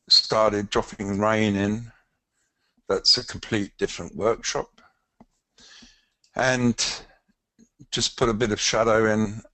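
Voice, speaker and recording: An older man with a London accent, a professional photographer giving a casual, halting webinar demonstration with frequent fillers. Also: lowish voice, a bit bright, dry recording.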